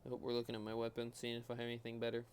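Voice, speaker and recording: A tired, yawning gaming channel host with a medium-pitched voice talks rapid-fire in a completely flat delivery over slight background noise. He rambles chattily over his own gameplay, poking fun at his own choices.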